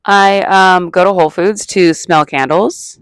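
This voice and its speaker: A woman's voice: on the low side, measured pace, smooth, dry recording. A middle-aged woman from Arizona, a comedian hosting her own podcast, talking in a chatty, self-mocking ramble that wanders off topic. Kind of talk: casual rambling monologue.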